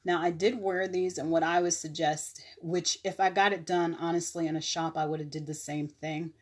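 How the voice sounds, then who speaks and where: A woman casually showing her nail products on a live stream, chatty, with fillers and quick self-corrections. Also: lowish voice, steady tone. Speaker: online nail seller.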